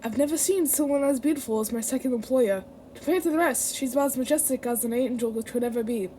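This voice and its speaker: A woman's voice: high voice, fast, dark tone, slight background noise, close to an everyday voice. A woman voicing a prim, formal storyteller figure with a slightly British-sounding manner. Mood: reverent.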